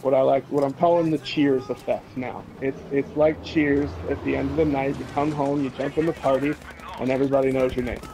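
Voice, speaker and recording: A man's voice: mid-range voice, level tone, fairly quick, noisy background. A man who leads a gaming clan, chatting casually in an interview, easygoing and laughing often. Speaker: clan leader.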